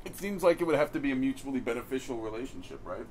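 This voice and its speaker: A male podcast host keeps the chat easy and encouraging, feeling his way into questions with small restarts. His voice sits at a middle pitch for a man. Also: very animated, a little mellow, a little hiss or hum. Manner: easygoing, encouraging, halting questions. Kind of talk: casual interview chat.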